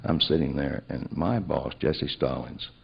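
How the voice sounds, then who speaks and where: A man's voice: very deep voice, unhurried, gravelly, a little hiss or hum. A man telling a personal story, acting out both sides of remembered conversations. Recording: dull lo-fi recording.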